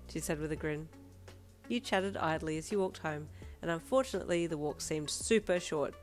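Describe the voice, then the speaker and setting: A woman narrating a fan fiction audiobook in a steady second-person storytelling manner. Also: low-pitched, normal speed, soft background music.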